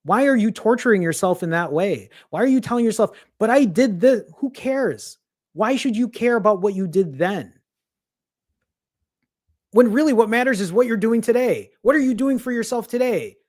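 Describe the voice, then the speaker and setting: Guy coaching fasting to camera, blunt and pushy, keeps repeating himself, swears a lot. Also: high-pitched, expressive, darkish tone. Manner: blunt, emphatic and repetitive, with frequent swearing. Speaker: fasting and weight-loss coach. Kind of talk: motivational talk to camera.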